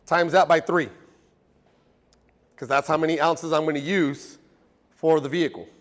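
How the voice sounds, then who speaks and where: A man runs a car detailing class in front of a live group. His voice sits a bit high. He teaches in a loose, joking way, with plenty of stories. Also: steady tone, moderate pace, in a large hall. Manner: casual, joking, storytelling.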